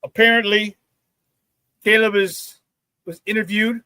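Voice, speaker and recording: A man hosting a morning sports talk show, chatting casually with hype-man energy, greeting viewers and shouting out the chat. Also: sits high, steady tone, a little slow, smooth, no room sound.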